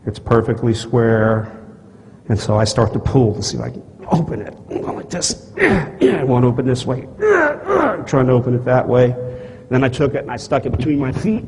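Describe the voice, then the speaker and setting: A man of average pitch tells a personal story at a conference, blunt and folksy, acting out the exchanges and clearing his throat now and then. His voice rings with the long reverb of a large hall. A faint hiss sits under this archival recording. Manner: animated storyteller who acts out dialogue and gestures; blunt and folksy, with frequent asides to the audience. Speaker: speaker at a conference. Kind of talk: live lecture, personal storytelling. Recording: archival talk, echoey hall, faint noise.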